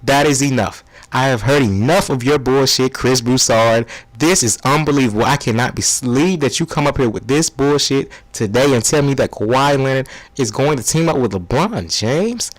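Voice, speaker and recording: A man's voice: medium pitch, normal speed, few pauses, no room sound, natural voice, rough recording. A man putting on an exasperated, profane sports TV pundit who scoffs at his co-host, in a comedy spoof of a sports debate show.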